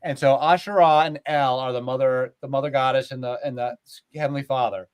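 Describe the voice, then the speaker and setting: A man retelling old myths in a casual, animated way, with lots of filler words, as a podcast host. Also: medium pitch, a little fast, clean tone. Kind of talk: casual storytelling chat.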